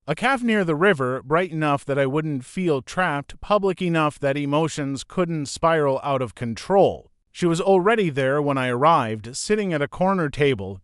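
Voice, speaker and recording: A man in his thirties reading a scripted first-person story in a measured, dramatic way with pauses. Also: fairly high pitch, clean tone, no echo, studio quality. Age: 30s.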